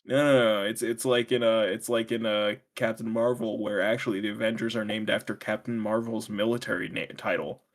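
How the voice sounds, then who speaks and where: A man's voice: lowish voice, level tone, brisk, hardly any pauses. Male podcast co-host; casual banter, frequent laughs, casual swearing. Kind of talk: casual chat.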